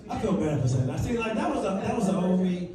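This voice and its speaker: A man doing a stand-up set on a club stage, bantering with the audience, swinging between loud bursts and low mutters. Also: sing-song, quick pace. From Virginia. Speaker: stand-up comedian. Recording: echoey club recording from far off, loud crowd. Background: audience laughter.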